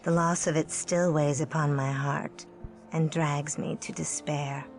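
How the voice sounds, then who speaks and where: A woman voicing a sorrowful, courtly female vampire in a game, speaking formally, gently and consolingly in archaic speech. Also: deep voice, steady tone, unhurried, soft background music. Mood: gentle sorrow. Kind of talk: game dialogue.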